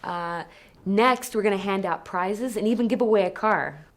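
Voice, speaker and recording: A woman's voice: mid-range voice, normal speed, close to an everyday voice. A woman acting in a scripted learner dialogue as a chatty office worker who laughs easily. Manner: upbeat, chatty, laughs often. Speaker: office worker in a lesson video.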